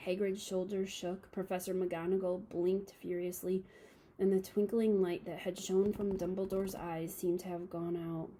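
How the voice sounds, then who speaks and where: A woman reading a children's novel aloud to a class, calm and steady with small slips. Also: on the low side, normal speed, slight background noise, poor audio.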